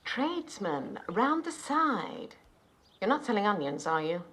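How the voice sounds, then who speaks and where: An actress playing a snooty, condescending housekeeper who speaks curtly. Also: female voice, mid-range voice, big pitch swings, a little slow, a bit bright, husky, exaggerated voice. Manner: curt and condescending. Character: snooty, dismissive maid or housekeeper.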